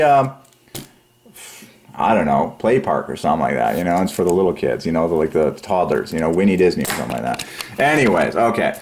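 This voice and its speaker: A man hosting a religious channel, rambling through a numerology monologue, excitable and giggly, then dropping to low quiet mumbling while he counts. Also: fast talker, a little hiss or hum. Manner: giggly, excitable, breaks into high laughs. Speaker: religious YouTube channel host.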